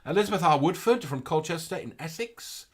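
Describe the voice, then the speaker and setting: A man's voice: on the high side, animated, brisk, slightly rough. A man co-hosting a live show, chatting casually and reading out viewer comments in a camp, gushing manner with sing-song greetings.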